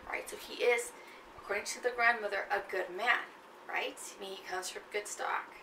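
Gravelly woman lecturing in an echoey room. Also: mid-range voice, steady tone, moderate pace, pushed and bright, whispered. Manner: checks in often with questions to the class. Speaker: literature teacher. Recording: echoey room, mic at a distance.

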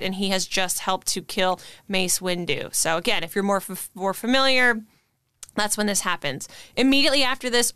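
Upbeat female podcast host, fairly high and very clear, casual explainer, dry close mic. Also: pushed and bright, no room sound. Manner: chatty and upbeat, with frequent fillers. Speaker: podcast host teaching the lesson. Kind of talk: casual chat.

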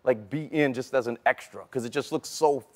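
A man's voice: medium pitch, moderate pace, a little hiss or hum. A man with a New Orleans accent hosting a talk show, chatting casually and teasing his guest with jokes. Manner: joking, teasing. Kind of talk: casual chat.

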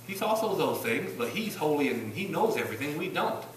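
A man's voice: fairly high pitch, very animated, a little fast, slight background noise. A man from Virginia with a Southern accent preaching a sermon, emphatic, with rhetorical questions to the congregation. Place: church sanctuary. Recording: roomy church recording from some distance.

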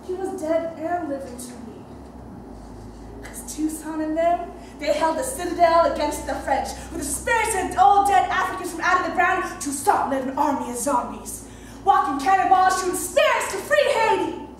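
A young actress with a high voice delivering a lively theatrical monologue. She is caught from far back in the house, and the stage reverb is heavy, with a faint hiss underneath. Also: moderate pace. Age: young adult. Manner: vivid, playful storytelling.

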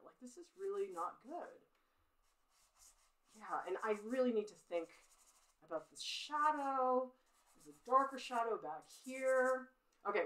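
A woman's voice: medium pitch, fairly bright tone, poor audio. A middle-aged woman art teacher giving a live-streamed drawing demo, chatty and self-critical as she talks through her work and laughs at her own mistakes.

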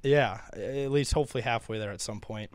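A man's voice: mid-range voice, fairly quick, crowd noise. A man co-hosting a podcast, asking questions and joking in a loose, casual way. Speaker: podcast co-host.

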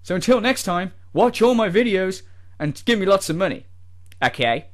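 Guy doing a high-voiced whiny gamer youtuber, smug and sweary, sneering at his fans. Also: sing-song, normal speed. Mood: petulant. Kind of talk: parody rant.

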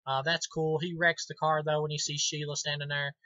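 Bright, eager amateur film reviewer man. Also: fairly high pitch, level tone, brisk, no echo, dull audio. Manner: enthusiastic, rambling with many ums and restarts. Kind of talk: casual movie review.

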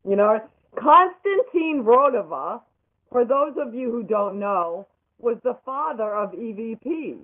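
Excitable woman on a phone line. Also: on the high side, measured pace, husky. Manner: emphatic and excitable. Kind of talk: casual chat.

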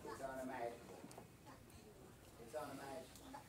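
A man preaching a sermon into a microphone in a church, swinging from shouting to hushed near-whispers. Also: medium pitch, little pitch movement, a little fast, background noise. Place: church sanctuary. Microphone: handheld or stand microphone.

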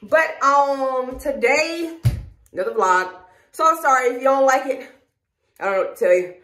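A woman's voice: sits high, animated, moderate pace, a bit bright, echoey room, soft background music. A young Southern woman from Georgia chatting casually to her phone camera at home, frustrated and rambling as she speaks her mind. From Georgia, USA. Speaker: vlogger. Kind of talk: casual vlog talk to camera. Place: at home, indoors.

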